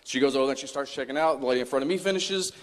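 This is a man's medium-pitched voice moving very fast through a short church sermon. He recounts a personal story in an earnest, chatty manner, playing out his earlier words, and the sanctuary gives the recording a long hall reverb.

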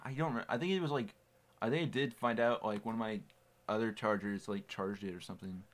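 Teen male co-host, lowish voice, jokey and laid-back banter. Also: a little fast. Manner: joking, laughs easily. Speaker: podcast co-host. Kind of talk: casual chat.

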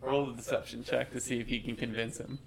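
Brief: gravelly man running a tabletop game, joking. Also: medium pitch, level tone, quick pace, a little hiss or hum. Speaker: game master.

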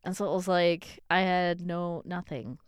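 A woman's voice: fairly low pitch, fairly even intonation, a little slow, clear, resonant tone, dry recording, clean studio sound. A woman candidly telling a personal story in a wry, self-mocking way, with sarcastic asides and frequent laughter. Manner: breaks into laughter often. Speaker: vlogger.

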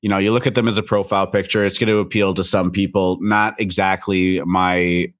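A man co-hosting a casual morning podcast, talking in a relaxed, rambling way with lots of fillers. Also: low-pitched, brisk, dry recording. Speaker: co-host.

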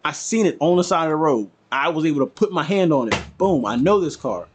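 A man tells a story on a casual podcast, switching into the voices of the people in it. His voice sits a little high and swings up and down with lively energy. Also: fairly quick, slight background noise. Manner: animated, acts out quotes of family. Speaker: podcast co-host.

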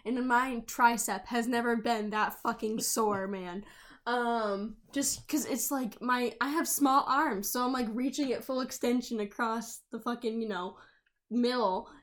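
Young woman on a podcast, kinda high voice, blunt and sweary, gets really animated telling a story. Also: unhurried. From England. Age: 20s. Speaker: podcast co-host. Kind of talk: casual chat.

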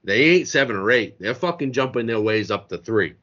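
A man's voice: medium pitch, expressive, brisk, pushed and bright, highs cut off. A man co-hosting a podcast in casual chat, ranting in a heated, profane way from a restaurant. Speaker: podcast co-host. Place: restaurant in a beach town.

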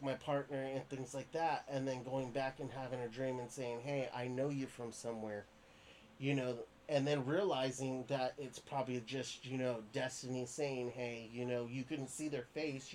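A man's voice: medium pitch, a little mellow, slight background noise. A man, a podcast guest, tells a story in a casual, rambling way with lots of fillers and restarts.

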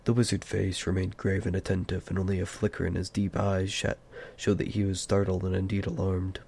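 A man reading a fantasy novel aloud in a plain, unhurried amateur narration with small stumbles. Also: sits low, monotone, vocal fry, darkish tone, slight background noise. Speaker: audiobook reader.

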